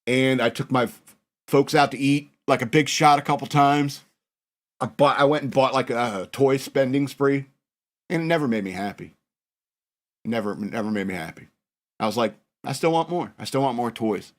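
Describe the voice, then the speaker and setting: A northern New York man in his forties, hosting a podcast, wanders through memories of his youth with plenty of self-mockery in a casual chat. His mid-range voice moves at a normal speed, and he pauses often.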